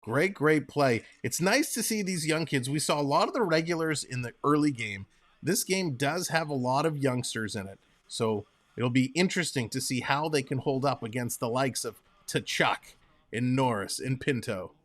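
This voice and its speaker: A man's voice: medium pitch, lively intonation, moderate pace, fairly bright tone. A man hosting a live stream, calling hockey play-by-play in an upbeat, chatty way and talking to viewers in the chat. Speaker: livestream host and play-by-play commentator.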